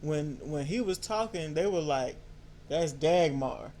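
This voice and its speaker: Chill guy cohost, wry, laughs along, slightly high voice. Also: animated, normal speed, darkish tone, slight background noise. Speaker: podcast co-host. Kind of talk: casual movie-review chat.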